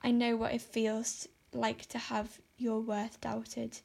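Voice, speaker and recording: A woman's voice: a little high, completely flat delivery, slow, vocal fry, darkish tone, heavily acted. A woman reading aloud and voicing a dramatic young girl who pleads in overwrought, tragic tones. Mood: pleading. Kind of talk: audiobook character voice.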